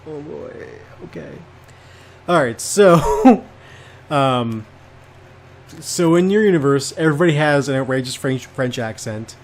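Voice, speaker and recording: A man's voice: mid-range voice, expressive, a little slow, slight background noise. A man co-hosting a comedy podcast in casual chat, playing along with mock disbelief. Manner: incredulous, playing along, laughing. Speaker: podcast co-host.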